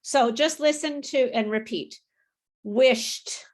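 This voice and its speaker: A woman teaching an English pronunciation class, modelling words slowly and patiently for students to repeat. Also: fairly high pitch, lively intonation. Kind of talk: online group pronunciation class.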